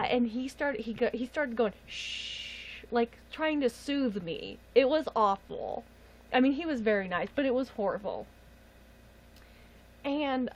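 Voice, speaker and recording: A woman's voice: a little high, rough recording. A young woman on a casual livestream, telling a story in a chatty, exasperated way and laughing often. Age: young adult. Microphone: webcam or phone mic.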